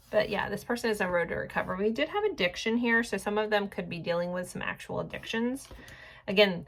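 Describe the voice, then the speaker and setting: A woman's voice: medium pitch, a little fast, gravelly, fairly bright tone. A woman in her forties giving a casual pick-a-card tarot reading, rambling and chatty with lots of filler words. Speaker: tarot reader.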